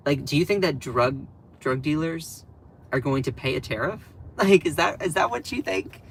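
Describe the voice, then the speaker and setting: A man's voice: medium pitch, a little hiss or hum. A man hosting a political livestream, chatting casually and sarcastically with his viewers and answering the chat. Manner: sarcastic, animated, talks back to chat.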